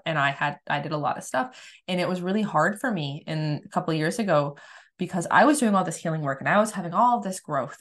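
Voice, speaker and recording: Candid low-voiced woman healer talking. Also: a bit bright. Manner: candid and emphatic, swears freely, restarts sentences often; rises high and fast when acting out her past frustration. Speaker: energy healer. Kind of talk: casual personal monologue.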